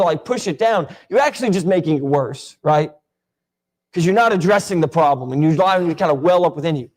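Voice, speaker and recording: A man's voice: high voice, darkish tone. Conversational man teaching a Bible class. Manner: conversational, asks the class many questions.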